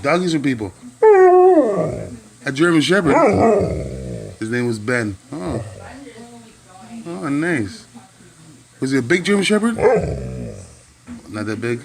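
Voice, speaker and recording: A man's voice: on the high side, a bit bright. A man chatting playfully with his dog, asking teasing questions. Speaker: dog owner. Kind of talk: playful one-sided chat with his dog.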